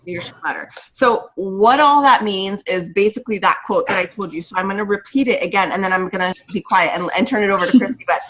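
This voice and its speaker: A woman's voice: mid-range voice, quick pace, hardly any pauses, muffled recording, a crowd in the background. A woman hosting a video call, introducing a guest speaker with enthusiasm and reading off her achievements with small restarts.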